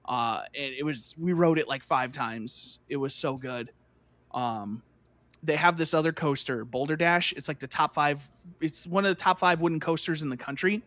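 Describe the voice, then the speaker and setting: A man telling a lively story in casual chat, full of "like" and acted-out voices. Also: on the high side, moderate pace, dry recording. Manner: animated, fillers of "like", acts out voices.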